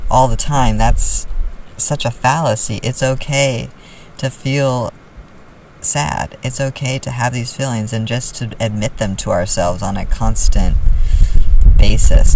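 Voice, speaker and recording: A man talking casually to camera about his feelings and self-help, soft and earnest in a confiding way. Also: mid-range voice, fairly even intonation, normal speed, creaky, far from the mic, slight background noise, poor audio. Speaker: vlogger.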